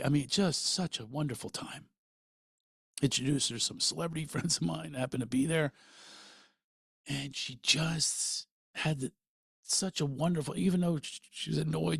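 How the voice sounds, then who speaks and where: A middle-aged man hosting a podcast, telling a personal story in an animated way and acting out what others said. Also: a little high, moderate pace, gravelly, husky, no room sound, studio quality. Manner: animated, quotes people in lively voices. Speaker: podcast host.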